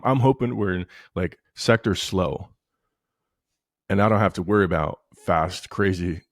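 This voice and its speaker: A man in his thirties co-hosting a podcast, telling stories in profane, rambling, animated casual banter. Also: low-pitched, no echo. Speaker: podcast co-host.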